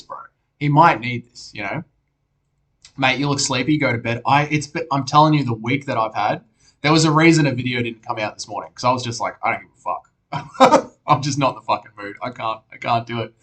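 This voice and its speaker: Young Australian male streamer, relaxed casual chat host, sweary and matey. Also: mid-range voice. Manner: laid-back, swears often, calls viewers mate.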